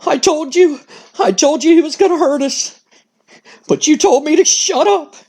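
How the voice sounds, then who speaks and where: Cowardly fretful wrestler, high whiny timid voice, as a man puts him on. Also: moderate pace, darkish tone. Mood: fearful. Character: cowardly, fretful male wrestler talking to himself.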